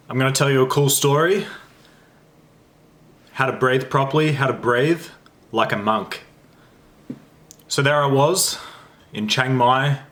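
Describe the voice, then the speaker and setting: Chatty Australian man telling a story. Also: medium pitch. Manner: animated, self-interrupting, chatty. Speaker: holistic lifestyle coach. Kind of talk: casual storytelling to camera.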